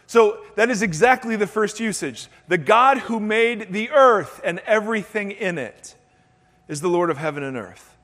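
A man's voice: high-pitched, animated, moderate pace, fairly bright tone, in a large hall. A male pastor giving a sermon to his congregation, breaking in with playful joking asides. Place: church sanctuary.

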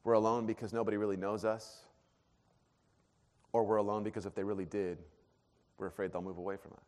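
A man preaching a sermon, earnest, dropping to a hush and then rising to emphatic peaks. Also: on the low side, level tone, brisk. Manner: earnest, swings from hushed to emphatic. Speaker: pastor. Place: church auditorium. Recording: long hall reverb.

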